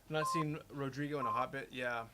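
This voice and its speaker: A man's voice: medium pitch, fairly even intonation, fast, very noisy. A man, a game developer, chatting casually and rambling as he plays his own game, often interrupting himself. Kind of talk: casual gameplay commentary.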